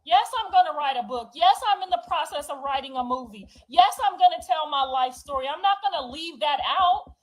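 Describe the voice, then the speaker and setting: A woman delivering a raw, profane, defiant confessional monologue, moving from low brooding to loud outbursts. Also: a little fast, hardly any pauses, rough recording. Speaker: reality show cast member.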